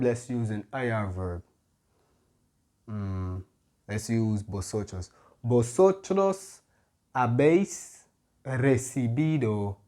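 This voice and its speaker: Slow, mellow-voiced male tutor. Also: mid-range voice. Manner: slow, patient, with frequent "mm-hmm" fillers. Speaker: Spanish tutor. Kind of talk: grammar lesson explanation.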